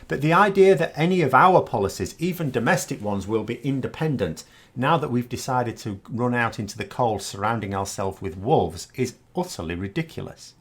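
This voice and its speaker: A British man talks through political commentary with a scornful, sarcastic edge. His pitch swings in a lively, animated way as he leans hard on his points. His voice sits in a mid register. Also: normal speed, breathy edge.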